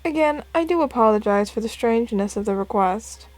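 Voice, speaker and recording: A woman's voice: fairly high pitch, expressive, a little fast, no room sound, natural voice. A woman voicing a formal, courteous older male butler in a video game. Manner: courteous, stiff.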